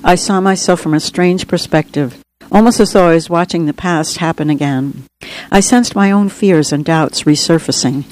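A woman's voice: on the low side, normal speed, a little mellow, a little hiss or hum, low-quality recording. A woman author reading her own book aloud in an earnest, reflective first-person storytelling manner. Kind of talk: audiobook reading.

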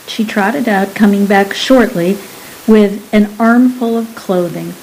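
A woman reading a period novel aloud in a slow, measured audiobook narration. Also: mid-range voice, darkish tone, slight background noise, rough recording.

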